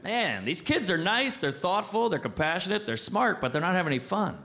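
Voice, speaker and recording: A man in his thirties performing a stand-up comedy set, punchy and animated, acting out other people. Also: sits high, fairly quick. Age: 30s. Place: comedy stage before an audience. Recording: noisy live stage recording.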